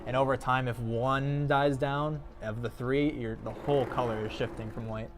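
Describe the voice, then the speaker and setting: A man's voice: mid-range voice, steady tone, moderate pace, a little hiss or hum. A man hosting a PC build livestream, explaining hardware in a laid-back, casual way, with faint music underneath. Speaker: PC build stream host.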